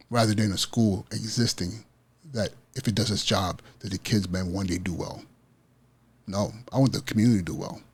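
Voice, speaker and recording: A man's voice: on the low side, breathy edge. A man hosting an education podcast, talking with passion and emphatic repetition about teaching kids to win. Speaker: podcast host, school principal. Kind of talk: motivational podcast monologue.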